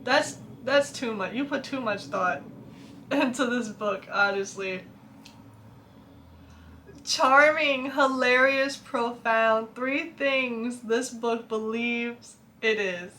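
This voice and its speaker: Young woman, book vlogger; chatty, laughs a lot, bright tense voice with a slightly high pitch, light background hiss. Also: takes it slowly. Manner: chatty, laughs often, animated. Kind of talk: casual chat reacting to reviews.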